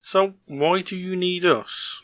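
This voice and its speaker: A man's voice: high voice, slow pace, fairly bright tone. A man playing in a tabletop game with dry jokes. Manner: dry, joking. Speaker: player. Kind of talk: casual chat at a game table.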